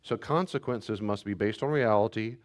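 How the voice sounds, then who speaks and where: Speaking at a moderate pace with a fairly low voice, this middle-aged pastor leads a church class in a conversational style. He restates key points and often restarts his sentences.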